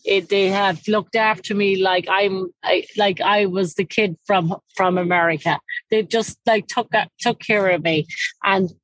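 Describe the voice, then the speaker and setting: Lively Irish woman, blunt and chatty. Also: medium pitch, a little slow, a little hiss or hum, low-quality recording. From Ireland, County Cavan. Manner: lively, frank, blunt with swearing. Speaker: parade emcee and salon owner. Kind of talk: casual interview chat.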